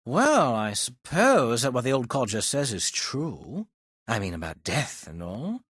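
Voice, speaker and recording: A man's voice: medium pitch, big pitch swings, unhurried, fairly bright tone, breathy edge, dry recording, studio quality, exaggerated voice. An actor playing a haughty, foppish male necromancer companion in a game, with a theatrical, sneering manner. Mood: sly, amused. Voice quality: plummy, theatrical, lots of bursting laughs. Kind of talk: game voice acting. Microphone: close studio mic.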